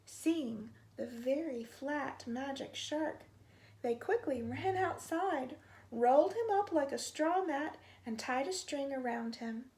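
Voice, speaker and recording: A woman reading a children's picture book aloud, expressive and stretching out the sound words. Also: sits high, takes it slowly. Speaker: storytime reader.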